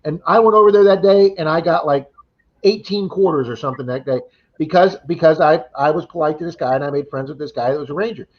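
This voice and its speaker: A man telling an animated story in a casual livestream chat, acting out what others said. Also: on the high side, fast talker. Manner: animated retelling, acting out quoted voices. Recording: slightly dull lo-fi livestream audio.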